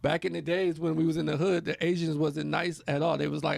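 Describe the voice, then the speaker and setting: A man's voice: fairly high pitch, level tone, fairly quick, vocal fry, hardly any pauses, darkish tone, no room sound. A man hosting a casual comedy talk show, chatting loosely and profanely with lots of laughter. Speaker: host. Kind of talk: casual comedy podcast chat.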